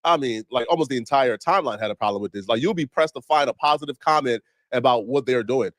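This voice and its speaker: Fast-talking male reaction host, dry mic. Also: dry recording. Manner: animated, rants with rising pitch when worked up. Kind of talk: casual reaction commentary.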